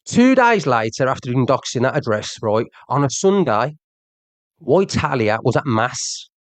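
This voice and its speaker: This man's voice sits in the mid range, with a sing-song lilt and a measured pace, recorded without any room sound. He delivers a heated livestream rant, speaking straight to viewers in a confrontational, repetitive way.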